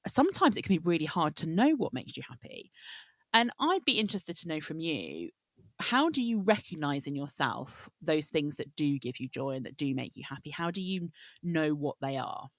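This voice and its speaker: A woman's voice: deep voice, very animated, normal speed, no room sound. A woman hosting a conversational podcast, talking thoughtfully and building long reflective points. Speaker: podcast host. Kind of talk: casual conversational interview.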